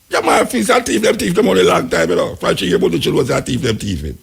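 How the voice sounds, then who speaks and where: A man's voice: medium pitch, racing, gravelly, few pauses, husky. A man with a Jamaican accent hosting a radio talk show, rambling in patois about the news. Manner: rambling, patois-heavy, animated storytelling. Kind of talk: casual on-air commentary.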